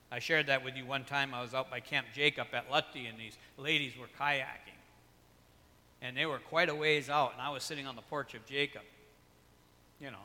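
A man's voice: on the high side, sharp tone, in a large hall. A man preaching a casual, conversational sermon, acting out Bible dialogue and telling personal stories. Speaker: pastor.

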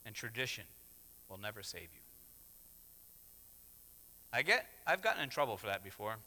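A man preaching a sermon in an emphatic way, often rising to loud exhortation. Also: on the low side, big pitch swings, moderate pace, long reverb tail. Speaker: pastor.

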